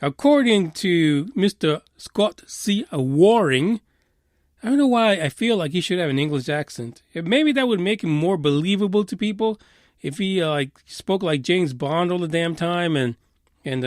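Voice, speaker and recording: A man hosting a podcast in a profane, sarcastic rant, swinging between loud outbursts and low mutters. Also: lively intonation, moderate pace, dry recording, studio quality. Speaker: podcast host. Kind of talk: ranting podcast commentary.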